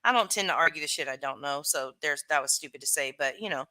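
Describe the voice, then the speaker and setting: Bright-voiced woman chatting frankly on stream. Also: deep voice, fast. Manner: rambling, frank, full of "like" and "you know". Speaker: livestream host reading chat. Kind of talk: casual livestream chat.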